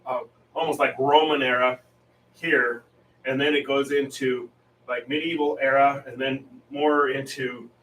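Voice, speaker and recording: A man's voice: mid-range voice, little pitch movement, measured pace, a bit bright, recorded from a distance, a little hiss or hum. A man hosting a painting stream, chatting casually in a rambling, easygoing way and laughing often. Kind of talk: casual chat while painting. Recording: roomy sound, off-mic.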